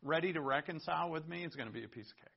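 A man preaching a sermon in a lively, conversational way, with asides and laughter between points. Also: on the high side, rapid-fire, gravelly, highs cut off. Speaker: pastor.

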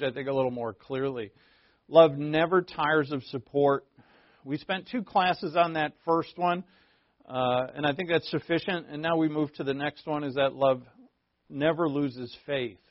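A man teaching a Bible class in a conversational way, stressing points by repeating them and often pausing on fillers. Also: mid-range voice, no echo. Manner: conversational, repetitive emphasis, frequent fillers. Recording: dull, dry, lo-fi recording.

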